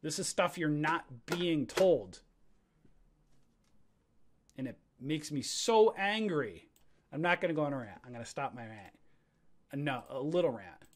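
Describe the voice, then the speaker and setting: A man with a somewhat high voice leads a live trading webinar, talking straight to his viewers. He rants with energy and throws in preacher-like calls for an amen. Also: sing-song, unhurried, long pauses. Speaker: trading educator. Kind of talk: livestream webinar on stock charts.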